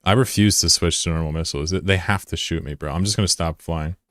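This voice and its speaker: Low, smooth-voiced man in his thirties streaming. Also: quick pace, fairly bright tone, no room sound, clean studio sound. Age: 30s. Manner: loose, profane, giggly banter with chat. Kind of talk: casual live gameplay commentary.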